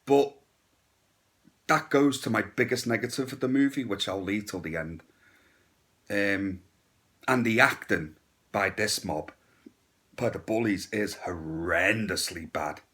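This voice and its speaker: A man's voice: on the low side, a little slow, pauses often, fairly bright tone. A man giving a casual, blunt and crude horror movie review, with sarcastic asides.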